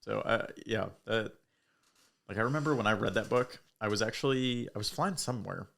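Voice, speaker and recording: A man's voice: fairly low pitch, brisk, gravelly, a bit bright. A young man who is a podcast guest, talking earnestly in casual chat and leaning on "like" as a filler.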